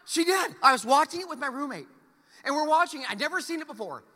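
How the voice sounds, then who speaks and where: A high-pitched, very bright male pastor preaching with wide, lively swings in his voice. He tells stories in a playful, ranting way, and his words ring out with a long hall reverb. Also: fast. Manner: animated storyteller, playful ranting. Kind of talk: sermon.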